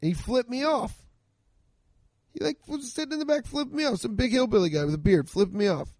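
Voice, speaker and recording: A man, a stand-up comic, casually telling a profane story about a rough show, acting out both sides of the exchanges. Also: very high-pitched, a little fast, no echo, studio quality. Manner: profane, animated retelling with quoted exchanges. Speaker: stand-up comedian.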